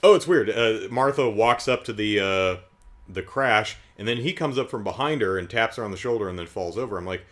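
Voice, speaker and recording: A man's voice: lowish voice, a little fast, a bit bright. A man giving a casual, comedic movie recap in a sarcastic, incredulous way, rambling with asides. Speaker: movie reviewer.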